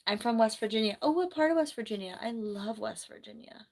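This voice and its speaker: Young woman from New Jersey, nurse and stream host, rambling and chatty, slightly hoarse with the flu. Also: a little high, expressive, brisk, a little mellow. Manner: rambling, chatty, reads viewer comments aloud. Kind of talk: casual livestream chat. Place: bedroom at home.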